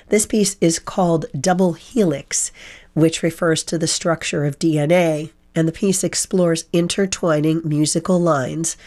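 Hoarse low-voiced woman radio host. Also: a little mellow. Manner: measured, polished on-air delivery. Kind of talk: public radio announcing.

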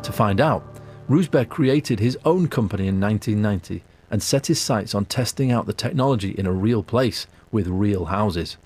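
A man narrates a scripted story in a measured, steady way. His voice is somewhat low, and faint music plays beneath him.

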